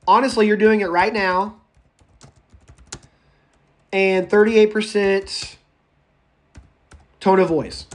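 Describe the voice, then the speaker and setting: A man teaching a public speaking class, lecturing live in a chatty, animated way, talking to students by name and going off on tangents. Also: sits high. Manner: goes off on tangents.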